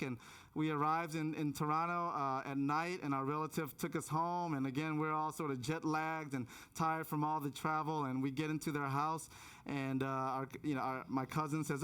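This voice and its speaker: A man in his thirties preaching a sermon in a church, telling a personal story with frequent restarts and hushed moments for suspense. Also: fairly high pitch, clean tone. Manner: many restarts and repeated words. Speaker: pastor. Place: church auditorium.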